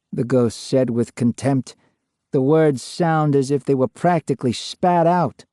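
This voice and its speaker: A man narrating a scripted ghost story in a measured, unhurried way. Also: medium pitch, fairly even intonation, warm tone, dry recording, clean studio sound.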